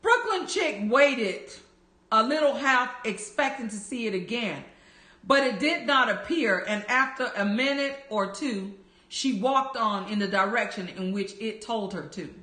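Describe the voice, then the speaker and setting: Woman, bedtime story narrator, gentle slow reading, higher voice, bright tone. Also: lively intonation. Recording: roomy echo.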